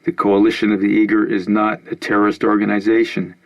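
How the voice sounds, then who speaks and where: A man reading out a female news anchor's broadcast of a militant group's statement, in a loud, formal, declaiming manner. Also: fairly low pitch, flat delivery, quick pace, muffled recording, close to an everyday voice. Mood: stern, formal.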